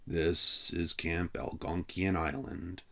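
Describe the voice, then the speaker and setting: A man voicing a stern middle-aged camp director who speaks slowly and deliberately. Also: low voice, creaky. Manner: slow, deliberate.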